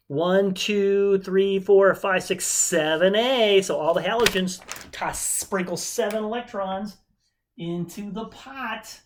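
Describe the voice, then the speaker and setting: This chemistry teacher speaks at a medium pitch, with a little noise audible behind her. Teaching remotely in a relaxed, talkative style, she cracks jokes while counting aloud.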